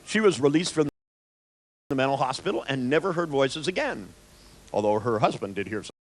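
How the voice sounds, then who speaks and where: A man's voice: medium pitch, fairly quick, a little hiss or hum. A man presenting a workshop, telling stories to an audience and acting out the dialogue as he goes. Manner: animated storyteller, quoting others in dialogue. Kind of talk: storytelling lecture to an audience.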